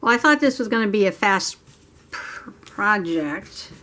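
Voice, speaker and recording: Slow-talking woman crafting at home. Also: medium pitch, expressive, bright, forceful tone. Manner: chatty, thinking aloud while working. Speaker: craft vlogger. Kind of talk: casual crafting narration.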